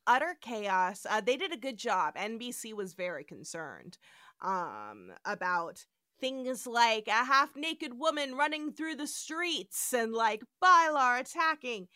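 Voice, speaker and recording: A woman's voice: a little high, slow, smooth, dry recording, clean studio sound. A woman hosting a casual podcast, retelling episode scenes and acting out the characters' lines. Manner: animated storytelling, acts out quotes. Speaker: podcast host.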